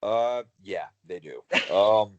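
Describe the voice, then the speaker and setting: A man's voice: lowish voice, lively intonation, slow, a little mellow, highs cut off, a little hiss or hum. A young adult man, a wrestler guest, talking casually and rambling with lots of like and uh. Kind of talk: casual interview.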